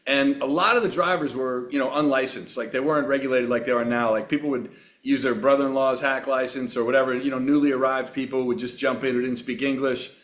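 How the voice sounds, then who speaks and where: A man's voice: mid-range voice, steady tone, fast talker, hardly any pauses, a bit bright. Guy in his 60s, from long island, laid back rambling stories on a podcast, lots of uhs. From Long Island, New York. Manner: easygoing, rambling anecdotes with frequent fillers. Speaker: guest actor. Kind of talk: relaxed storytelling in a podcast interview.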